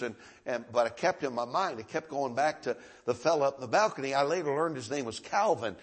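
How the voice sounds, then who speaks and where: Middle-aged man, preacher, folksy sermon storyteller, husky tone, stumbling restarts. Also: mid-range voice, fast talker, hardly any pauses. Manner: folksy, repeats words, stammering restarts.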